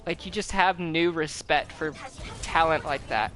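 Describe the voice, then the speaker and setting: A young man chatting casually while gaming, telling animated stories with a lot of swearing and acted-out quotes. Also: on the high side, unhurried, rough recording. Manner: animated storyteller, swears often, acts out quotes. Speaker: host. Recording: game music playing loudly behind.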